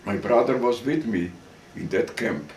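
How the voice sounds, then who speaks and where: An older man recounting his testimony at a slow, unhurried pace, stumbling and repeating words as he goes. His middle-pitched voice sits back from the microphone in a roomy, echoing space. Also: a little mellow, slight background noise. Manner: halting, repeats and restarts words. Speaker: witness giving testimony. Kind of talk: recorded oral testimony. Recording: roomy recording from a distance.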